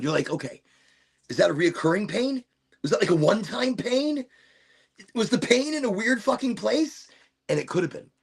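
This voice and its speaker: A middle-aged man rambles through a casual livestream chat while high, laughing and poking fun at himself. His voice is gravelly and a little husky, sits fairly high for a man, and swoops widely in pitch. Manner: rambling, laughing, self-mocking. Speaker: livestream host.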